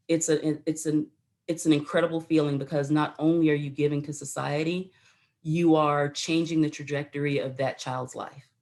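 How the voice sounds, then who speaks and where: Animated storytelling woman, low voice. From United States. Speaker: guest, retired Army colonel. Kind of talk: storytelling in a talk show interview.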